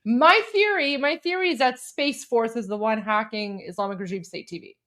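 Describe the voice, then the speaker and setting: A woman from Iran co-hosting a casual live stream, talking in an excitable, exclamatory way. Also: on the high side, moderate pace. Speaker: co-host.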